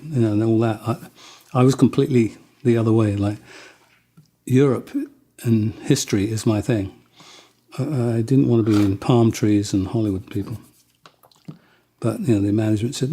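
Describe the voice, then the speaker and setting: Dark, husky man telling rambling stories. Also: fairly low pitch, moderate pace. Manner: rambling, with many restarts and acted-out quotes. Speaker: interviewee. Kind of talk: casual anecdotal storytelling.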